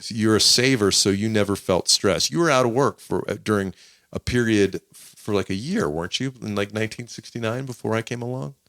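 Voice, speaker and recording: A middle-aged man with a very deep voice hosts a casual podcast interview. He teases and jokes between questions, and the sound is close and dry. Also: fairly bright tone, no echo. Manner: teasing, joking, quick follow-up questions. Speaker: podcast host interviewing his father.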